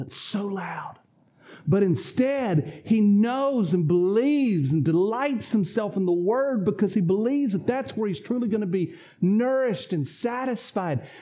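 Husky, emphatic male preacher. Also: high-pitched, dark tone. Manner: emphatic and repetitive, addressing "folks". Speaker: pastor. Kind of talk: sermon.

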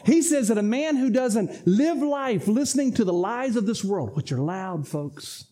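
Man, pastor, sermon, emphatic, husky mellow voice. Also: high voice, expressive, unhurried. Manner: emphatic and repetitive, addressing "folks".

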